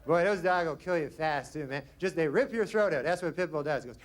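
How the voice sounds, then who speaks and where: Deadpan rambling comedian, crowd laughing. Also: male voice, fairly high pitch, brisk, hardly any pauses. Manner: deadpan rambling delivery with hesitant restarts. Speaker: stand-up comedian. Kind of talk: stand-up set. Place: comedy club stage. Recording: live club recording with crowd laughter and noise. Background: audience laughter.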